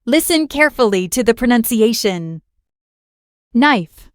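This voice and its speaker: Teaching beginners English, a woman uses a raised, slightly high voice with lively intonation. She goes very slowly and clearly, saying each word again for listeners to repeat, and the close, dry sound has no room echo.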